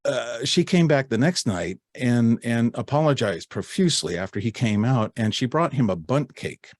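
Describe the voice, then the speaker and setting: A man's voice: mid-range voice, animated, normal speed, dry recording, studio quality. A middle-aged man, a guest actor and narrator, telling backstage stories in a rambling, chatty way with many restarts. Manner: rambling, with restarts and warm laughs. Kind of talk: casual interview storytelling.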